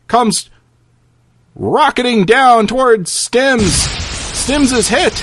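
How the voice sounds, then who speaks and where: Theatrical high-voiced male storyteller. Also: slow, pauses often. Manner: theatrical, playful. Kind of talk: comedic fantasy story narration.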